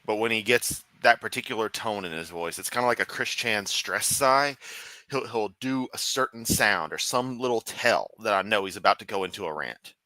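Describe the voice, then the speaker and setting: A man from the United States hosting a reaction stream from his room at home. He is sarcastic, rambling and constantly profane. His lowish voice has a bright, forceful edge, and the sound is dry and close. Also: lively intonation, moderate pace, no room sound. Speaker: streamer host. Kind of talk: casual reaction commentary.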